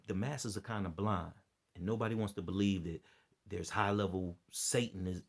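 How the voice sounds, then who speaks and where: Tired, gravelly low-voiced man preaching. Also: a little mellow. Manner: repeats himself, loose and earnest. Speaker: vlogger giving religious commentary. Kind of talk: rambling preachy monologue to camera.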